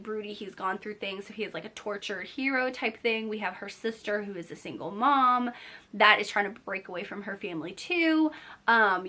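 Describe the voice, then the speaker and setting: A young book vlogger with a medium-pitched, sharp-toned voice chats casually to her camera at home at night. She gushes about books, filling her speech with lots of "like."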